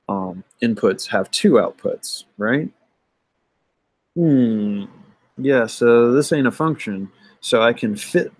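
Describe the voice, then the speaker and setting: A math instructor with a mid-range voice goes over exam solutions in a recorded lecture, thinking aloud conversationally. He pauses often with "um" and checks in with "right?", and the audio is poor though free of echo.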